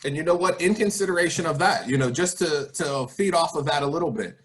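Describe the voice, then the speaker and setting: A man with a somewhat high voice gives an online presentation to students, speaking over a video call. He encourages them with rhetorical questions as he walks through his advice. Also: animated, fairly quick. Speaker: college guest speaker.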